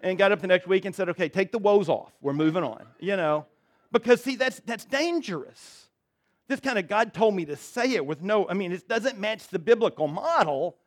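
High-voiced folksy male pastor. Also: lively intonation, normal speed. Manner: conversational and folksy, with frequent restarts and asides. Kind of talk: sermon. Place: church sanctuary.

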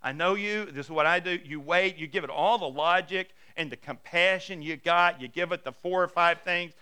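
A pastor preaches in a conversational, storytelling style, his fairly high voice pushed, bright, and clean at a normal speed. He acts out quotes and puts questions to his congregation.

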